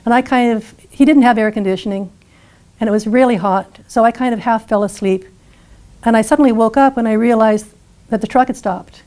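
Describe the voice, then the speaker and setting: A woman's voice: on the high side, fairly quick, a little mellow. A woman speaker retelling a personal story to an audience, vivid and dramatic. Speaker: featured speaker.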